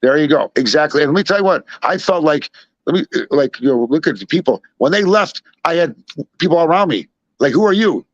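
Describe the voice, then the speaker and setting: A man from Chicago spins a meandering story in a fairly high voice, full of asides. The recording is dull and lo-fi, with a dry, close sound. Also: brisk, no echo. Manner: rambling, animated retelling with many asides. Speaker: storyteller guest. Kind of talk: casual anecdote telling.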